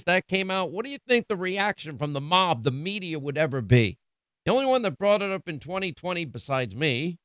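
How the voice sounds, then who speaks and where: Male talk host, middle-aged, indignant and emphatic; slightly high voice, dry studio sound. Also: fairly bright tone, no room sound. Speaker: radio talk show host. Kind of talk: political commentary.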